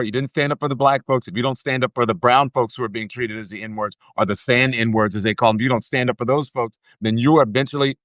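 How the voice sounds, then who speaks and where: A man's voice: mid-range voice, fairly bright tone, no echo. Emphatic male journalist guest. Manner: emphatic, rising to fervent conviction. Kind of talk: political discussion.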